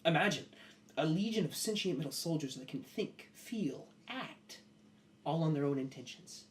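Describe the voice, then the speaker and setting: Casting: man doing a formal, hesitant schemer in a tabletop game, slightly high voice, faint room noise. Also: expressive, moderate pace, natural voice. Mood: scheming. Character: smooth scheming male noble, ambitious.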